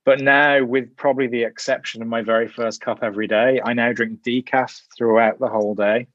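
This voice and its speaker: A man's voice: medium pitch, fairly even intonation, brisk, fairly bright tone, no echo. A thoughtful man chats casually as an interview guest, musing through his answers. His voice sits in the middle range. The recording is dry and a little dull. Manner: thoughtful, musing, with frequent "sort of" hedges. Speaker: guest, journal editor.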